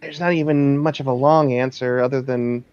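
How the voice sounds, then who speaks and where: A man voicing a calm, seasoned female werewolf mentor who speaks patiently and reassuringly. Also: mid-range voice, moderate pace, clean tone, lightly acted. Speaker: game master. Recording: dull dry lo-fi recording.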